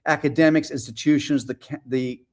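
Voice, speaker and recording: A man's voice: on the high side, fairly even intonation, fairly quick. A man hosting a panel discussion, reading out audience questions with playful, theatrical banter. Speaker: host.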